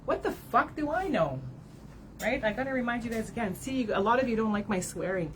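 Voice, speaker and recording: On poor audio with a little hiss or hum, a spiritual advisor with a high, animated voice speaks a little fast. She does a card reading for her livestream followers, talking frankly and emotionally, cursing, tagging lines with "right?", and sometimes coming close to tears.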